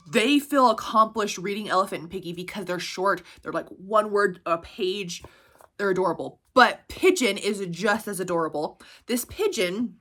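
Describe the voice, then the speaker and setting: A woman's voice: mid-range voice, fairly bright tone. A woman in her thirties chatting casually about her favorite picture books, bubbly and laughing often between sentences. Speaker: picture book reviewer. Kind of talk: casual book recommendations.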